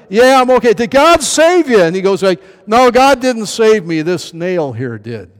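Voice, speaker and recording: A man preaching a verse-by-verse Bible sermon in a chatty way, with many fillers and restarts, acting out quoted voices with big jumps in pitch. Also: very animated, normal speed, few pauses. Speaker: pastor. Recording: long hall reverb.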